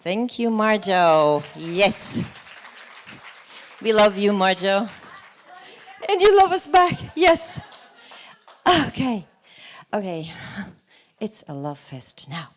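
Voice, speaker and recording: A woman's voice: medium pitch, very animated, takes it slowly, pauses often. An upbeat, playful woman making casual emcee remarks as the event host. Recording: noisy room with audience chatter.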